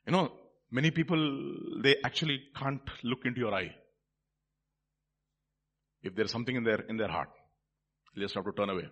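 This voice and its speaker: A male preacher, delivering a sermon that swings from quiet musing to loud, fervent preaching. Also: mid-range voice, normal speed, pauses often.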